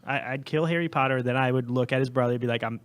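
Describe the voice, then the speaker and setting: A man's voice: mid-range voice, quick pace. A man co-hosting a podcast in casual comedic chat, rambling with lots of fillers and laughter. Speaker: podcast co-host.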